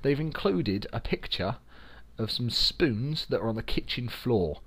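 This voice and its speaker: A man's voice: medium pitch, lively intonation, unhurried, fairly bright tone, breathy edge. A young man with a London accent chatting casually on a podcast, sarcastic and rambling, swearing freely. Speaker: podcast co-host. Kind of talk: casual chat.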